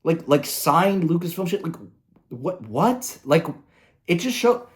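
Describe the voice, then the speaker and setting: A man's voice: a little high, big pitch swings, slow. A man hosting a commentary video, ranting in an angry, profane, exasperated way. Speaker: commentary host.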